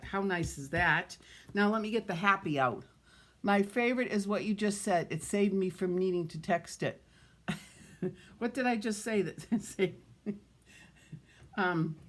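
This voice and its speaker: A woman with a Boston-area Massachusetts accent, chatting casually through a live card-making demo and greeting viewers by name. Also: lowish voice. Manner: chatty, greets viewers by name, thinks aloud while working. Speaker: card-making livestream host.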